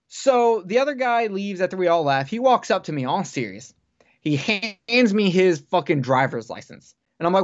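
A man chats casually on a podcast, spinning long rambling stories and swearing freely. His voice sits a little high. The recording sounds dull and lo-fi. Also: normal speed. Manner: rambling, profane, animated storyteller. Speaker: podcast guest. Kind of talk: casual storytelling chat.

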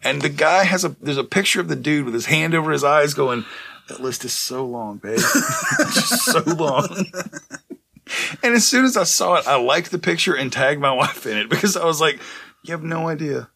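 A married man with a lively, bright voice co-hosts a casual podcast. His voice is husky, and he jokes and acts out little scenes as he talks. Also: on the high side, moderate pace. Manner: joking, animated retelling. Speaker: podcast co-host.

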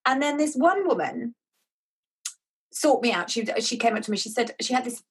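A woman, telling a personal story in a chatty, animated way as an author guest. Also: on the high side, moderate pace, husky. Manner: animated, chatty, acts out quoted dialogue. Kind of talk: conversational storytelling.

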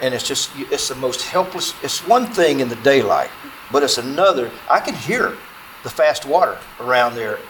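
A man's voice: mid-range voice, slight background noise, poor audio. Folksy man telling a story. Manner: folksy, animated, acts out dialogue, filler-heavy. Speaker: storyteller speaking to an audience. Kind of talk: spoken true-story telling.

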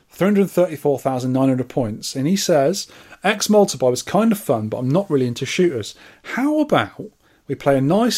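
A man co-hosts a relaxed podcast, reading out listener comments with dry, teasing asides. His voice sits a touch high for a man, and his delivery stays wry and matter-of-fact. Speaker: podcast co-host.

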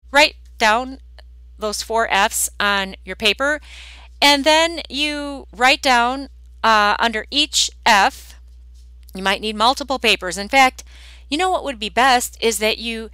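A woman's voice: high voice, bright, forceful tone, smooth, no echo. A woman hosting her own podcast as a weight loss coach, talking bluntly and directly in a sing-song way. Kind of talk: direct solo podcast talk.

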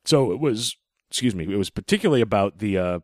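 Low-voiced rambling man in a dry room. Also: lively intonation, quick pace, a little mellow, dry recording. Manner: rambling, wry, swears casually. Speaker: podcast co-host. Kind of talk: casual chat. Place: living room, mobile recording rig.

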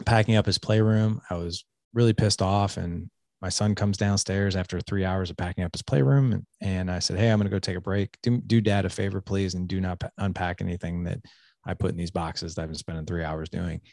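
A man's voice: low-pitched, fairly even intonation, brisk, vocal fry, a little mellow, no echo, studio quality. A man in his forties, a podcast guest, earnestly telling a personal story in a candid, confessional way. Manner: earnest, confessional, with frequent restarts and "like".

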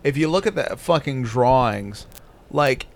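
A man's voice: medium pitch, lively intonation, a little slow, creaky. Foul-mouthed sarcastic podcast host man. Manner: crude, swears constantly, sarcastic. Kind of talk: casual profane commentary.

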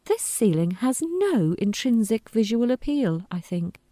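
A woman reading a first-person story aloud in a quiet, wry, deadpan manner. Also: a little high, unhurried, dry recording. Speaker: narrator.

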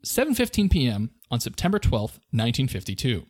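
In a relaxed storytelling chat, a man co-hosting a podcast keeps things playful and jokey, laughing frequently. His mid-range voice moves fairly quickly with huge pitch swings, and the studio-quality recording has no echo.

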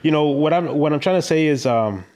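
A man guesting on a podcast in casual chat, laid-back and halting, calling people bro. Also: on the high side, animated, a little mellow, clear, resonant tone.

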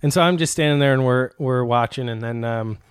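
A man's voice: medium pitch, brisk, smooth, dry recording, studio quality. A man casually telling a long rambling story on a podcast, cursing freely and laughing as he goes. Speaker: podcast host.

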